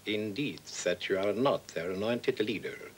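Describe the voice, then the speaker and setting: An actor playing a cynical old man in a wheelchair who speaks slowly and makes measured, cold threats in a film scene. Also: on the low side, a little hiss or hum, close to an everyday voice, poor audio. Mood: cold menace. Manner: slow, measured and coldly threatening. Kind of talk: feature film dialogue.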